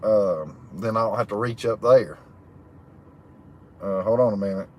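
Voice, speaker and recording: Guy reading his live chat out loud, drawly and laughing. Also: fairly low pitch, unhurried, slight background noise. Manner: laughs often, drawling and folksy. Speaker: livestream host reading chat. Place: camping, in a chicken hut.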